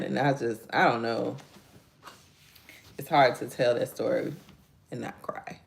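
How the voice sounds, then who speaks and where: A woman's voice: very deep voice, fairly even intonation, normal speed, creaky, long pauses. A woman hosting a casual live-stream devotional, greeting viewers by name in a chatty way. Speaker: devotional livestream host.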